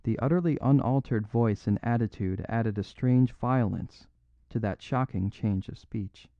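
A man narrating a classic story in a measured, even storytelling voice, in a dry, dull recording. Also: mid-range voice, dry recording. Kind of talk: audiobook narration.

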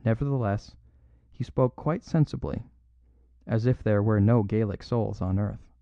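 A man's voice: fairly low pitch, unhurried, creaky, no room sound. Man narrating a story, dull dry sound. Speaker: audiobook narrator. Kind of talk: scripted narration.

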